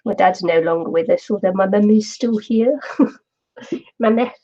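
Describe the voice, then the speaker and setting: A woman's voice: mid-range voice, unhurried, mellow, lo-fi sound. A middle-aged woman from the UK, chatting casually and rambling while she crafts, laughing often. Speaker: craft vlogger.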